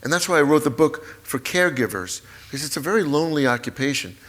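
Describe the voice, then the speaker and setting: A man's voice: on the high side, expressive, fairly bright tone. Emotional man in his sixties telling a story. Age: 60s. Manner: halting, repetitive, openly emotional. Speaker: guest, memoir author. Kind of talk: emotional personal storytelling on stage. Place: live talk event in a hall.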